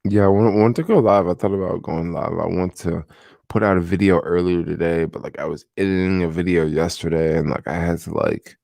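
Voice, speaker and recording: A tired young man hosting a casual late-night livestream, rambling and relaxed with many fillers, talking into a desk microphone at home. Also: low-pitched, fairly quick, creaky, no echo, clean studio sound. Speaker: livestream host. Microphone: desk microphone without headphones.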